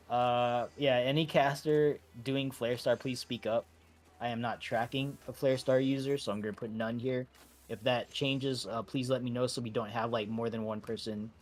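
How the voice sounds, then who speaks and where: A man at mid pitch, calmly organizing an online game raid over voice chat. He talks loosely and haltingly, stopping to restart sentences and filling gaps with "uh". He sounds like he is on a headset mic at home. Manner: relaxed, halting, many fillers and restarts. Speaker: raid leader.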